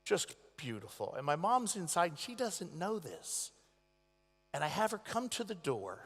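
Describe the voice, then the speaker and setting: A male motivational speaker on a convention stage. He tells stories dramatically, with a lively, rising and falling pitch, and swings from loud to nearly hushed. The sound comes from a large echoey hall. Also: normal speed, husky.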